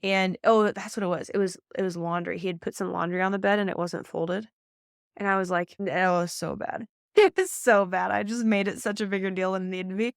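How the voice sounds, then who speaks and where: Woman in her 30s, podcast coach, emphatic and chatty, smooth clear voice, dry close mic. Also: mid-range voice, dry recording. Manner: fast, emphatic, faith-filled coaching with many "like"s and repeats. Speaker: pageant coach and podcast host. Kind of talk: motivational podcast talk.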